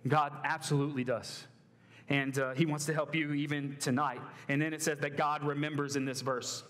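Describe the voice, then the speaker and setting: Man preaching in a reverberant hall, fairly high voice. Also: little pitch movement, moderate pace, a bit bright. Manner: conversational preaching with frequent fillers and restarts. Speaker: college ministry preacher. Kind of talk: sermon.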